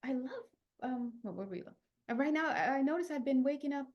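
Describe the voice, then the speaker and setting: Young woman, spiritual teacher, chatty and animated, slightly high voice. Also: fairly quick, dull audio. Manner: animated, chatty, many fillers and restarts. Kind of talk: channeled spiritual talk.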